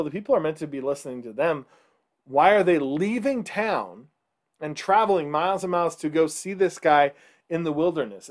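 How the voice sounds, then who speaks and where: Casual, high-voiced male preacher. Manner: casual, many restarts and "right?" asides. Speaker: pastor. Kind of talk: conversational sermon.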